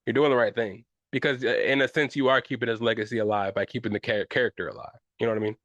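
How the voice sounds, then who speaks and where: A man's voice: mid-range voice, fairly even intonation, very fast, a bit bright, no echo, highs cut off. A man hosting his own podcast, talking loosely and profanely in a rambling casual way, often checking in with "you know what I'm saying". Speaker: podcast host. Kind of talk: casual solo podcast commentary.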